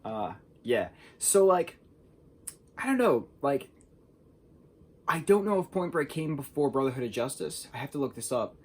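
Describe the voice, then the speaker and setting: Casting note: young male film reviewer, husky voice, loose rambling delivery. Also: medium pitch, very animated, moderate pace, long pauses, a little mellow. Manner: rambling, says "like" a lot.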